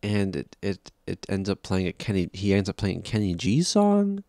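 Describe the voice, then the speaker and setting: A man's voice: low voice, very animated, normal speed, warm tone, no echo. A man giving a casual, rambling film review, exasperated and profane, with frequent restarts.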